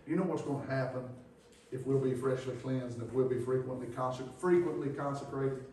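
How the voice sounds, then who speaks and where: Man, pastor, preaching, rising to loud fervor, folksy talk, echoey church hall, mic far away, faint hiss. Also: steady tone, a little fast. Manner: builds from low reading to loud fervent preaching. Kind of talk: sermon. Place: church sanctuary.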